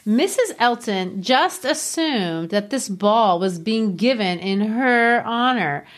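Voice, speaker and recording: A woman's voice: a little high, lively intonation, takes it slowly. A woman hosting a book podcast, recapping and narrating a novel with enthusiasm. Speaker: podcast host.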